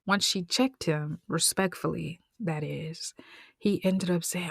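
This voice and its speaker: Slow, low-voiced woman storyteller. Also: fairly even intonation, gravelly, slightly rough, dry recording, studio quality. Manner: conversational, slangy, with whispered asides. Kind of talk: casual storytelling retelling.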